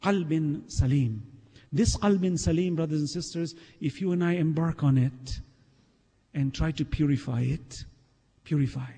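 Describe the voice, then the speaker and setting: Husky high-voiced man preaching in a hall. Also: fairly even intonation, moderate pace. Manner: earnest, emphatic, swinging between soft and loud; recites scripture in Arabic. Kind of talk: sermon. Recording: long reverb of a hall.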